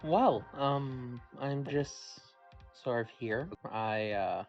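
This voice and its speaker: Man in a tabletop game, slow, halting, lo-fi sound. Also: mid-range voice. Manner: hesitant, halting, many fillers. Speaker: player. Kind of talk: playing a character in a tabletop game. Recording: dull lo-fi audio with faint music.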